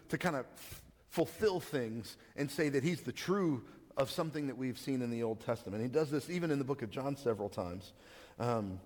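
A man's voice: medium pitch, big-room sound. A man giving a sermon as a pastor, talking in a conversational way with frequent stammered restarts.

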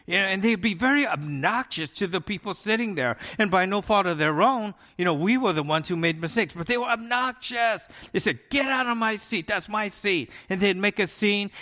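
A man's voice: fairly high pitch, a bit bright. A male pastor preaching a sermon in a conversational storytelling manner, often checking in with listeners. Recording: long hall reverb.

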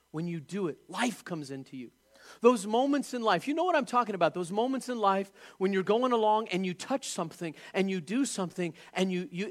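A man with a fairly high voice delivers a sermon. He preaches in an animated, emphatic way and keeps putting questions to his listeners. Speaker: pastor.

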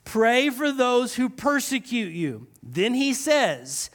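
A man preaching a sermon, slowing down to stress key lines and using dry sarcasm. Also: very high voice, sing-song.

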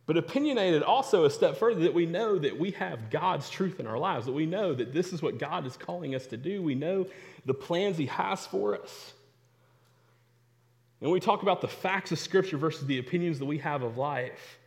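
A man's voice: a little high, expressive, normal speed, gravelly. A young adult man preaching a sermon, telling stories and repeating phrases for emphasis. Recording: long hall reverb.

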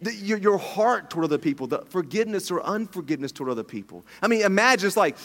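A middle-aged man preaching a sermon as pastor, animated and jokey, with many restarts. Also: high-pitched, quick pace, hardly any pauses. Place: church hall. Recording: long hall reverb.

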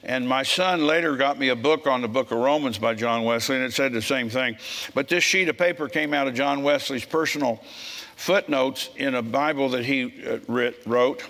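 A man preaching a sermon in a church, telling folksy stories in a frisky, forceful way. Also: medium pitch, normal speed, long reverb tail.

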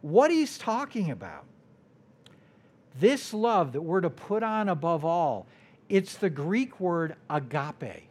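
Slow, lively American preacher. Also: male voice. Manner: deliberate, drops to a soft low voice at phrase ends. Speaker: guest preacher. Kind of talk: sermon.

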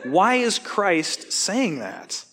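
A man teaching a Bible study class, asking the class questions and cracking jokes between points. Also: sits high. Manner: animated, joking, quick asides, questions to the class.

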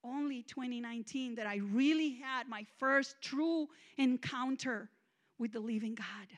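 High-voiced woman preaching her testimony. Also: a little slow. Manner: emphatic, confessional, swinging between loud and hushed. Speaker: guest minister. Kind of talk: testimonial sermon.

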